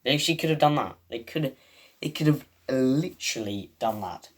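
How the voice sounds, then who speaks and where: A man's voice: mid-range voice, lively intonation, brisk. A man hosting a video, giving a rambling, casual recap of a TV episode full of "um" and "like". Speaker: video host.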